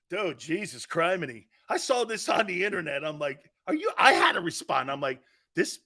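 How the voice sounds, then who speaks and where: A man hosting a sports talk show, ranting loudly in a mocking tone and laughing often. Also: on the high side, sing-song, moderate pace. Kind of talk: sports opinion rant.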